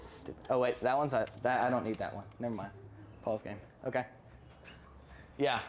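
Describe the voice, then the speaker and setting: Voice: mid-range voice, moderate pace, noisy background. A stand-up comedian who rambles through a routine, often losing their place and cutting in on themselves. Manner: rambling, loses place and self-interrupts.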